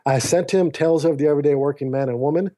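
Man telling his story, mellow voice. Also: fairly high pitch, racing. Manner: animated storyteller who acts out quoted dialogue; often addresses the host by name mid-sentence. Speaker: podcast guest. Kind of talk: personal storytelling in conversation. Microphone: remote call.

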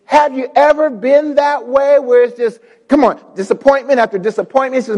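A male pastor preaching a sermon, calling on the congregation, repeating words and rising into shouts. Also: very high-pitched, expressive, fairly quick, hardly any pauses, big-room sound.

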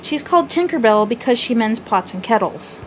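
Storybook boy who won't grow up: passionate, cocky, lightly high-pitched, read by a woman. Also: expressive, normal speed, slight background noise, natural voice. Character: eager boastful boy who never grows up.

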